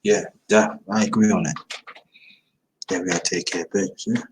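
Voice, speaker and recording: A man's voice: sits low, steady tone, brisk, a little hiss or hum, low-quality recording. A man in his fifties hosting a livestream, giving an emphatic, repetitive motivational talk. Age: 50s. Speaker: livestream host.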